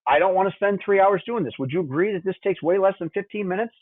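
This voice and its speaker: A man's voice: high-pitched, fast, no room sound. Man teaching on a tinny line. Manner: conversational, frequent "okay?" and "would you agree" check-ins. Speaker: diesel technician instructor. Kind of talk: technical webinar walkthrough. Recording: dry, tinny phone-like audio.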